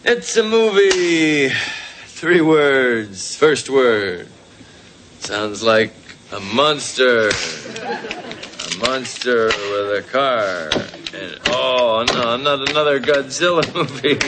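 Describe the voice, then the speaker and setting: A man's voice: mid-range voice, animated, takes it slowly. An actor playing a middle-aged father with a dry, wry way of talking in a sitcom. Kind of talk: sitcom acting. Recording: sitcom audio with background noise.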